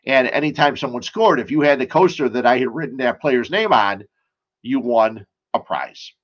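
A man's voice: medium pitch, moderate pace, lo-fi sound. A man hosting a casual sports and beer talk show, rambling and chatty, full of asides and stories.

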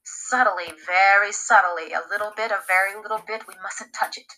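A woman's voice: medium pitch, steady tone, normal speed, pushed and bright, natural voice, poor audio. A woman voicing a frightened man who urgently pleads with his family and neighbors. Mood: fearful. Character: anxious frightened human father on Mars.

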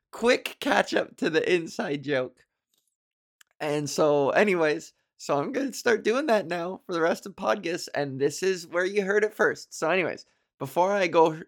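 Young woman podcast host, casual rambling monologue, profane and self-deprecating, very animated pitch. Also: measured pace. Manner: rambling, profane, self-mocking, laughs often.

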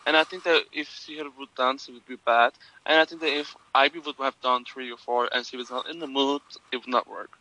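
A man's voice: medium pitch, steady tone, fairly quick, hardly any pauses, bright, forceful tone, poor audio. A man co-hosting a casual podcast chat, joking with frequent hesitations. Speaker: podcast co-host.

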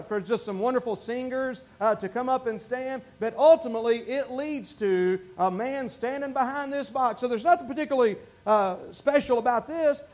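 A male pastor with a Southern drawl delivers a folksy, self-mocking sermon from a church pulpit. His voice sits unusually high, and he stumbles and restarts often. He sounds animated and down to earth. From North Carolina. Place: church sanctuary.

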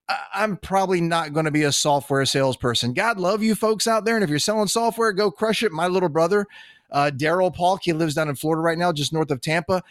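Middle-aged male podcast host, blunt and animated delivery, slightly high pitch, dry recording. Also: no echo. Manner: blunt, animated, swears casually. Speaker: podcast host, sales trainer. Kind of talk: casual monologue.

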